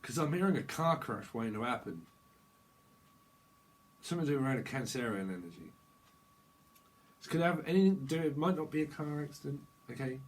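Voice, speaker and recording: A man's voice: mid-range voice, big pitch swings, fairly quick, pauses often, poor audio. A man giving a rambling tarot reading, swearing and laughing as he talks. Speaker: tarot reader. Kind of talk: casual tarot reading monologue.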